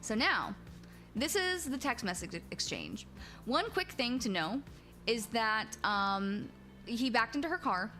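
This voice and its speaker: Bright, animated woman chatting. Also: a little high, a little slow, soft background music. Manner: animated, chatty, many restarts. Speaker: streamer host. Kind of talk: casual reaction chat.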